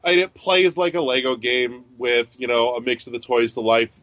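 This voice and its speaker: In a steady, mid-range voice that's a bit bright, a man co-hosts a podcast at a moderate pace. The chat is casual and rambling, full of swearing, fillers, and restarted sentences. The lo-fi sound is dull, with no room sound.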